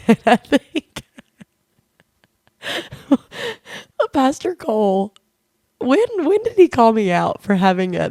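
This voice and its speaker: Her slightly low, warm voice carries a gravelly fry as she co-hosts a podcast in easygoing, candid talk. She recounts stories earnestly, weaving in quoted lines of dialogue. The sound is close, dry, and free of echo.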